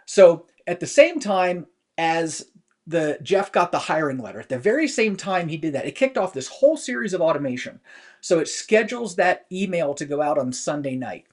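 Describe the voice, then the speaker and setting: A man's voice: on the high side, expressive, normal speed. A man hosting a short weekly business show, talking casually and telling stories with plenty of fillers. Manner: conversational storytelling with many fillers. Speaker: host.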